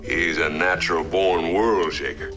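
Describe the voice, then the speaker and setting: An actor playing a male convict who fondly recalls a friend, in a slow gravelly drawl, from a film clip. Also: sits low, steady tone, highs cut off. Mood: fond, wistful. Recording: film clip with guitar score.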